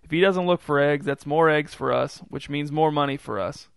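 A man's voice: fairly high pitch, normal speed, vocal fry, clear, resonant tone, no room sound. A man voicing a blunt, impatient boy who is fixed on money.

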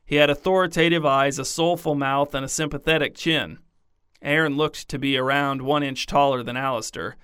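Bright, crisp male storyteller. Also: medium pitch, fairly even intonation, normal speed, no room sound, clean studio sound. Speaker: narrator. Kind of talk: scripted storytelling.

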